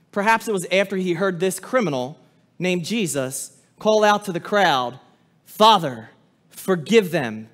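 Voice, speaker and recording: A man with a high voice preaches a sermon as a pastor. He pleads and drives his points home loudly, then sinks to a hush for the solemn moments. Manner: impassioned preaching with sudden drops to a hush.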